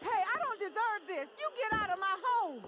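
An actress voicing a spirited frontier woman living in a swamp, dramatic and sharp-tongued, in a western game. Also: very high-pitched, very animated, moderate pace, very noisy. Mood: indignant.

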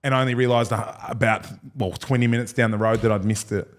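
A man's voice: mid-range voice, fairly even intonation, fast. A man in his thirties with an Australian accent, a guest telling rambling, slangy stories and laughing through them. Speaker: guest, former rugby league player. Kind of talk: casual storytelling chat.

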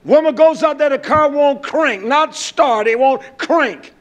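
A man preaching a sermon, emphatic and rising at times to shouts. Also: very high-pitched, a little slow, few pauses.

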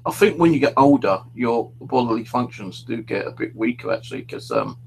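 A man's voice: mid-range voice, huge pitch swings, fairly quick, creaky, slight background noise, rough recording. A middle-aged man hosting a paranormal stream from home, telling rambling stories casually and swearing freely. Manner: swears freely, storytelling with restarts. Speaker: paranormal livestream host.

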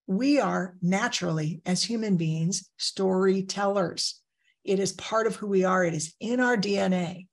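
A woman's voice: medium pitch, gravelly, husky. A woman trainer giving a conversational training presentation on crisis care, telling personal anecdotes along the way.

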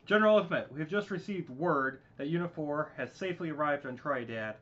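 A man voicing a tree general giving a loud formal report on a dull lo-fi recording. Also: fairly high pitch, animated, brisk, pitched above the performer's own voice. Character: Tree General Rosh, male tree officer reporting.

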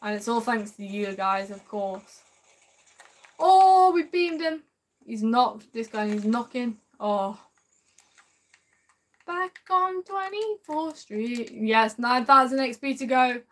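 A woman live-streaming a game, chatting warmly and excitably with her viewers and drawling a repeated sing-song catchphrase. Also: fairly high pitch, takes it slowly. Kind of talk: live gameplay commentary.

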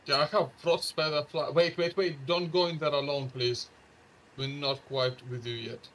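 Excitable young-sounding gamer guy. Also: a little high, moderate pace. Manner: excitable, stammers and repeats words. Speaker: gamer playing co-op. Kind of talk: casual game chat.

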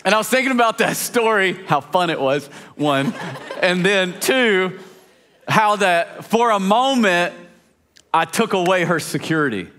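A man preaching a sermon as a pastor, telling a family story in a chatty, lively way with many fillers and restarts. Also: high voice, unhurried. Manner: lively storyteller, laughs along.

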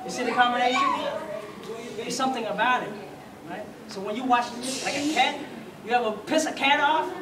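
A woman instructor walks students through a martial arts demonstration, animated and punctuating points with bursts of sound effects. Her fairly high voice sits back from the mic in a roomy, echoing space. Loud ambient noise runs underneath. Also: brisk. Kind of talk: live demonstration lesson. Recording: echoey room, far from mic, loud background noise.

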